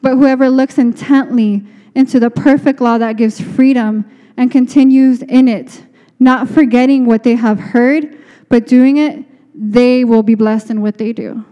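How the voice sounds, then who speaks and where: A woman's voice: fairly high pitch, fairly even intonation, measured pace, highs cut off. A woman giving an earnest, conversational sermon with many restarts. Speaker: speaker. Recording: long reverb of a hall.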